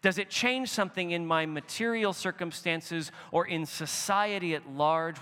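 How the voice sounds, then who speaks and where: A male pastor delivers an expressive sermon in a church sanctuary. His voice sits a little high and bright. The room adds a long, echoing tail to every phrase. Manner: expressive preaching, rising animated when voicing quotes. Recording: long reverb of a hall.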